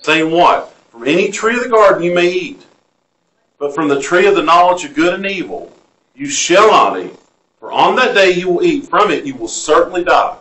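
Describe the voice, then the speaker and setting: A man's voice: on the high side, animated, moderate pace, fairly bright tone. A man with a Southern US accent preaching a sermon, reading scripture aloud and asking the congregation questions. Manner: asks the room questions and reads scripture aloud. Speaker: pastor. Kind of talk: interactive sermon. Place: church sanctuary. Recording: echoey church room.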